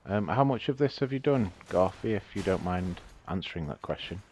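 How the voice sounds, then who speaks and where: A man's voice: sits low, lively intonation, a little fast, a little mellow, slight background noise. A man chatting casually and laughing often while he plays a game on a livestream. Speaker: streamer playing the game. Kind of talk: casual gaming livestream chat.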